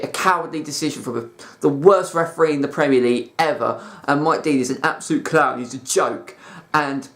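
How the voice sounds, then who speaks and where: Fuming football fan ranting. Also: male voice, medium pitch. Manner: fuming, exasperated, repetitive "like" and "you know". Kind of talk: angry ranting commentary.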